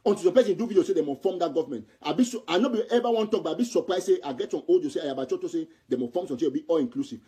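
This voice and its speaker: A man from Southern Cameroon talks in Cameroonian Pidgin English. His voice is high and husky with a dark, mellow tone, and he rushes through his points in a heated, repetitive manner. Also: lively intonation. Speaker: political commentator. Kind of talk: impassioned audio commentary.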